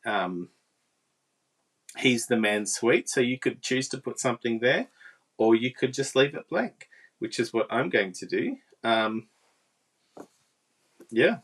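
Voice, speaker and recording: A woman's voice: very deep voice, animated, slow pace, long pauses. A woman giving a casual, chatty live card-making demonstration and talking with viewers. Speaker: papercraft demonstrator.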